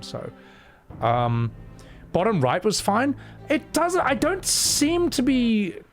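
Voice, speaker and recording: Brief: young male streamer, lively rambling commentary, curses freely, game music playing underneath. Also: high voice. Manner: chatty, swearing, talks to chat. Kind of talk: let's-play commentary.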